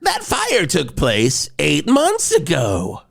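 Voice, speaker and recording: An actor playing a brash, rambling radio host who swears freely and jumps between topics. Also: male voice, fairly high pitch, slow pace, creaky, slightly rough, full character voice. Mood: boisterous. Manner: rambling, animated, profane. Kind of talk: improvised comedy radio bit.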